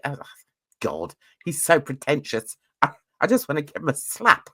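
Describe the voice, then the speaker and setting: Gossipy woman chatting about a reality show, bright voice, swings way up and down, blunt and cheeky, keeps laughing. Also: deep voice, moderate pace. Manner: gossipy, animated, laughs often; blunt, uses cheeky slang. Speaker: reality TV reviewer. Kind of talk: casual commentary.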